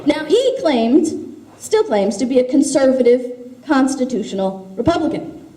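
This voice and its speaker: In an echoey hall, a woman gives an impassioned grassroots speech as an activist, telling stories with emphatic force. Her voice is high-pitched and sing-song, warm in tone, and she keeps a moderate pace.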